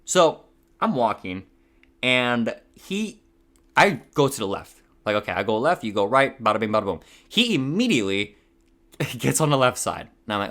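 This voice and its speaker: A man's voice: medium pitch, very animated, normal speed, a bit bright. A young man from Hawaii telling a rambling story on his podcast. He swears a lot, laughs at himself and his voice cracks now and then. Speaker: podcast host. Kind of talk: casual storytelling.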